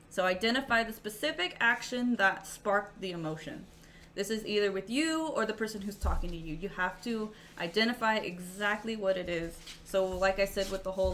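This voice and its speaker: A woman's voice: medium pitch, fairly bright tone, a little hiss or hum. A woman co-hosting a podcast in casual chat, explaining ideas step by step with examples. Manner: explanatory, walks through steps with examples. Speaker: podcast co-host.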